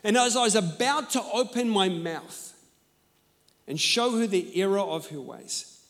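A man preaching a sermon and telling personal stories, animated and emphatic, moving between loud and hushed. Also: sits high, a little slow. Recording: echoey hall.

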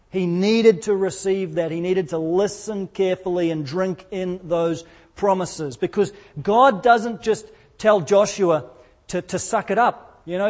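A man's voice: sits high, a little mellow. A man preaching a sermon in church, telling the story with energy and acting out the quotes. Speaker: pastor.

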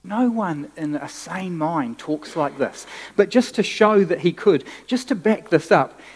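Male pastor, sermon, lively conversational delivery, somewhat high voice, long hall reverb. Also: a little slow, husky. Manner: animated, conversational preaching with restarts.

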